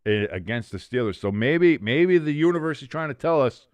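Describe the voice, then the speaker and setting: A man hosting a casual sports preview, running through his picks in an animated, jokey, chatty way. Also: medium pitch, moderate pace, few pauses, no echo. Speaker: sports show host.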